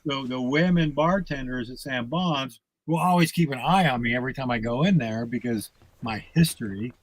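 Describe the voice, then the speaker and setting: A man's voice: medium pitch, normal speed, rough recording. A man guesting on a podcast, telling stories bluntly with plenty of swearing in casual conversation. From United States. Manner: profane, blunt storytelling.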